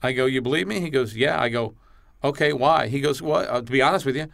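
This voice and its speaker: A male comedian appears as a podcast guest and tells a story bluntly and animatedly, swearing freely and acting out both sides of the dialogue. His voice is medium-pitched and creaky, and he talks quickly.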